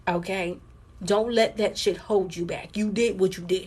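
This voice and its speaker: A woman's voice: medium pitch, fairly even intonation, normal speed, a little mellow, breathy edge. A woman doing a casual live stream card reading for viewers, with a sore throat and a held-back cough. She talks bluntly with lots of swearing and repeats her points for emphasis.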